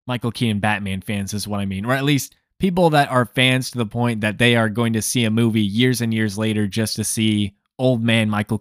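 A man's voice: on the low side, no room sound. Sardonic man telling a story, dry sound. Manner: sardonic, exasperated asides. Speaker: film review host. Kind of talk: casual storytelling review.

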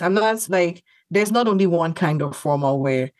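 A woman's voice: on the low side, expressive, normal speed, dry recording. A woman co-hosting a casual discussion podcast, talking things through thoughtfully with frequent "like" and restarts. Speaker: podcast co-host.

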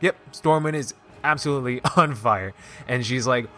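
A man at an ordinary middle pitch, chatting excitedly through a game's story. He rambles and leans on "like" as he goes, with faint music under him. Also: brisk. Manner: excited, rambling, heavy use of "like". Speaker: gaming video host. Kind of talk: casual game story recap.

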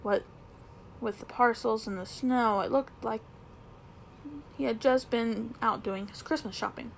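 A woman reads a children's book aloud, gentle and unhurried, fixing the occasional slip. Her voice sits fairly high with a gravelly rasp. There is a faint hiss of room noise behind her. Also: rough recording. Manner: gentle, unhurried storytelling with small slips. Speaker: reader.

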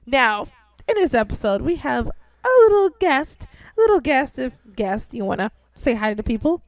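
A young woman hosting a casual podcast, swearing freely and bursting into loud, excitable outbursts. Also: high voice, moderate pace, no room sound. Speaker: podcast host.

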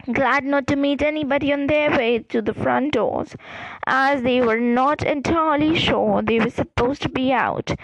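A woman's voice: high-pitched, a little hiss or hum, low-quality recording. A woman narrating a storybook aloud, reading carefully and sometimes restarting a word. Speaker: audiobook reader.

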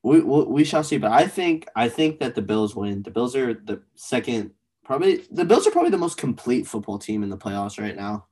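A young man co-hosting a casual sports podcast, animated and blunt, swearing casually as he argues picks. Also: medium pitch, fairly quick, breathy edge. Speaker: podcast co-host.

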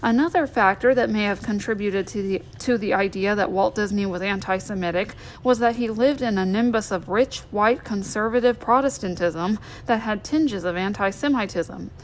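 A woman reads a biography aloud in a measured audiobook style, now and then repeating a word as she goes. Her voice sits at an ordinary middle pitch. A faint hiss runs under the recording. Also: low-quality recording. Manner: steady reading with occasional small repeats and restarts. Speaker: audiobook reader.

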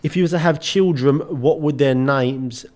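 A man's voice: mid-range voice, moderate pace, darkish tone. A young English man co-hosting a podcast in casual chat, joking around and often slipping into mock accents. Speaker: podcast co-host.

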